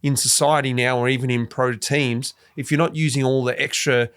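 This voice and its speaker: A male podcast host in a casual interview, speaking at a middle pitch. He thinks aloud as he talks, building his questions slowly and peppering them with conversational fillers. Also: fairly even intonation, fairly bright tone, smooth.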